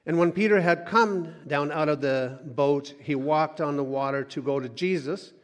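Impassioned pastor in an echoing hall. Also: male voice, on the high side, normal speed. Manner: impassioned, swings between loud urging and soft hushed asides. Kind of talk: sermon. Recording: long hall reverb.

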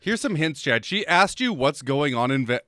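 A man co-hosting a podcast, joking crudely and laughing loudly, mocking his friends. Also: on the high side, big pitch swings, normal speed, dry recording, clean studio sound. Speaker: podcast co-host. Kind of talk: crude casual banter.

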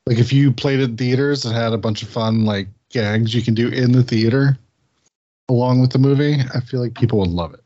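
A man's voice: medium pitch, brisk, dark tone, muffled recording. A man hosting a podcast, moving the movie chat along and teasing his co-hosts dryly. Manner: moves the talk along, dry teasing. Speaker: podcast host.

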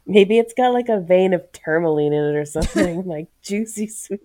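A woman's voice: fairly low pitch, normal speed, dark tone, slight background noise. A woman co-hosting a casual chat, giggly and playful. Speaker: podcast co-host.

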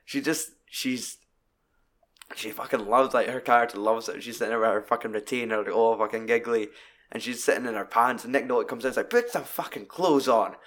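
An animated man talks through a film in loose, casual chat and swears constantly. His voice sits at an ordinary mid pitch, and he tumbles through the plot with restarts and asides. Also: fairly quick. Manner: sweary, rambling, animated retelling.

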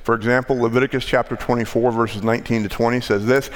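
A man's voice: medium pitch, flat delivery, fast talker, few pauses. A middle-aged man with a Texan accent, preaching a sermon as pastor and telling stories in a conversational way. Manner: conversational storytelling preacher, occasional restarts. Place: large church sanctuary. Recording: long church reverb.

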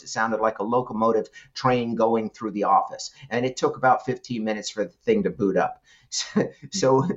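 Lively middle-aged man telling a story. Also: lowish voice, highs cut off. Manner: animated storyteller, laughs often, many restarts. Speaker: guest, entrepreneur. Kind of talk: storytelling interview answer.

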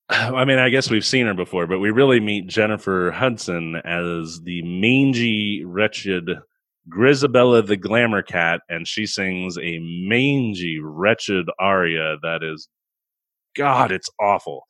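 A man co-hosting a casual comedic film review, ranting with profanity and sudden high-pitched outbursts of exasperation. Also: slow, a bit bright, no echo. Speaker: podcast co-host.

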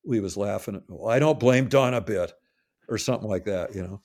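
This older man's voice is on the low side, brisk and somewhat dark. He wanders through lengthy anecdotes in a casual interview, frequently correcting himself and quoting people along the way.

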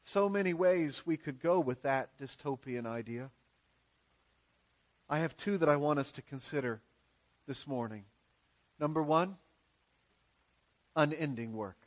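A male pastor with a fairly high voice delivers an earnest church sermon at an unhurried pace. He leans on emphatic repetition and rhetorical questions.

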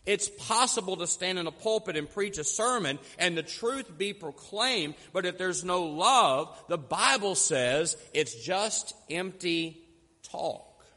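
A man preaching a sermon as pastor, telling stories and slowing down to stress key points. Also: sits high, lively intonation, bright, forceful tone, long reverb tail. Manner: storytelling, slows down for emphasis.

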